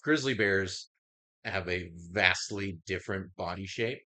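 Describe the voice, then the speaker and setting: A man's voice: sits low, unhurried, sharp tone. A man co-hosting a podcast in casual chat, reacting with dry jokes and hesitant fillers. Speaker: podcast co-host. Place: bar or lounge.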